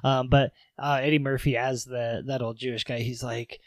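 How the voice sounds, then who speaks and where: A man's voice: mid-range voice, little pitch movement, normal speed, no room sound. A man co-hosting a podcast, recapping a movie in casual chat and acting out the characters' lines in raised voices with frequent laughs. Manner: acts out quotes in raised voices, laughs often. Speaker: podcast co-host.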